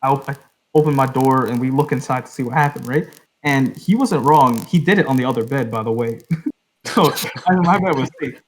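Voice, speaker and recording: A man's voice: mid-range voice, fairly quick, poor audio. Rambling young man telling a story. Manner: rambling, fillers like "like" and "right?". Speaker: podcast host. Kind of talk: casual storytelling.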